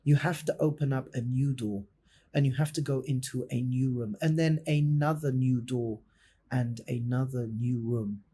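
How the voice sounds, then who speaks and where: A man acting out a calm, wise elderly male rebbe in a sermon story, speaking slowly, softly and firmly. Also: mid-range voice, slightly rough, close to an everyday voice. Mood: gentle. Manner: slow, gentle, firm.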